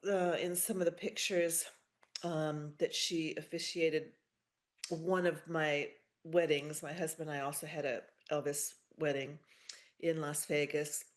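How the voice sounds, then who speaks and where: A middle-aged woman giving a heartfelt personal remembrance over a video call, halting and pausing often. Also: deep voice, little pitch movement. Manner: halting, with many pauses and fillers. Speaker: memorial speaker.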